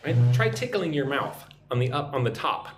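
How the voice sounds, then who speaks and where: An American man leads a live English lesson, slowing down to drill words and tagging "right?" onto his points. His intonation rises and falls a lot, and his voice rings in a slightly echoey room with a faint hiss behind it. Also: medium pitch, expressive. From United States. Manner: drills pronunciation slowly, asks "right?" constantly. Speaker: English teacher on a livestream.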